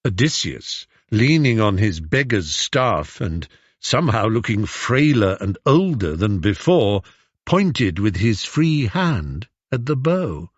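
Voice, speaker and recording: A man with an English accent narrating a story, expressive and animated in his pitch. His pace is slow and his voice slightly husky. The recording is dry and a touch dull. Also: no room sound. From England. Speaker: audiobook narrator. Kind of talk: scripted narration.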